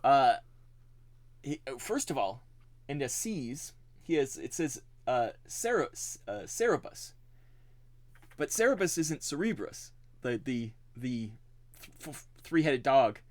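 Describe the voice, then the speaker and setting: A man's voice: medium pitch, big pitch swings, slow pace, pauses often. A man co-hosting a podcast, chatting casually and laughing often. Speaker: podcast co-host. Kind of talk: casual chat.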